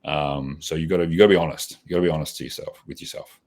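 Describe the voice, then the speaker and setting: Very deep-voiced Australian man in his forties. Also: steady tone, racing, darkish tone. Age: 40s. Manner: reflective, with many restarts and tag questions. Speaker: podcast guest. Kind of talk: casual interview answers.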